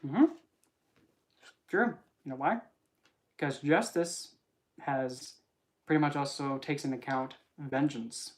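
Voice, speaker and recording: A tarot vlogger with a mid-pitched voice rambles her way through readings in a casual, chatty style. She speaks slowly with frequent pauses, cracking jokes and interrupting herself to correct what she just said.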